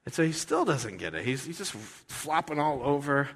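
A man's voice: on the high side, big pitch swings, moderate pace, a bit bright, big-room sound. A man preaching a sermon in a conversational, earnest way, often restarting his sentences. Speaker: pastor.

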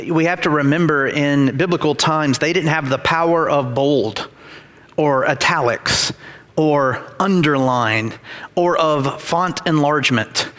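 A man's voice: a little high, a bit bright. A man preaching a sermon as pastor, emphatic and repetitive, with dramatized quotes. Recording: reverberant hall.

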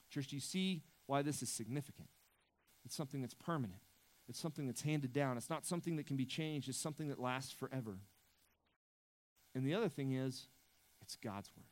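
A man's voice: medium pitch, poor audio. Man, preaching a sermon. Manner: conversational preaching with frequent restarts and stammered repeats. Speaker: pastor.

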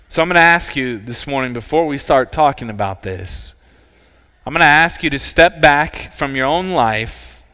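A man preaching a sermon as pastor, earnest and emphatic, with dramatic pauses. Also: on the high side, bright, forceful tone, smooth. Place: church sanctuary. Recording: church hall reverb.

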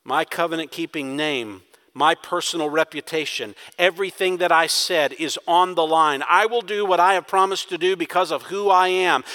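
A man preaching a sermon as pastor, emphatic, swinging from loud urging to quiet intensity. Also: a little high, normal speed, hardly any pauses, in a large hall.

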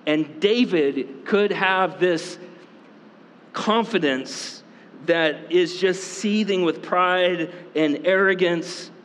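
A man preaching a sermon as pastor, talking casually with many fillers and quick asides. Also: sits high, a bit bright. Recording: long reverb in a hall.

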